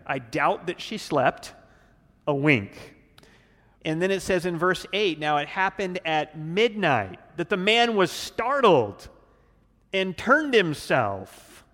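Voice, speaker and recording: A pastor preaches in a large hall, his high-pitched voice teaching through a Bible passage in a relaxed, casual manner. He acts out the characters' lines as he goes.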